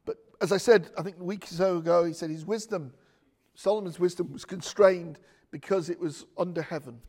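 A man's voice: high-pitched, fairly quick, mellow. A man preaching a chatty, joking sermon full of asides. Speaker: pastor.

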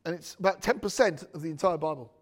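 A man's voice: on the high side, fast. A man preaching a chatty, joking sermon full of asides. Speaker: pastor.

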